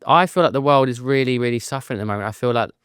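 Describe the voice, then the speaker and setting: An English man speaking as a guest in an interview, earnest and candid about feeling low. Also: very fast, fairly bright tone, clear, resonant tone, no room sound, clean studio sound.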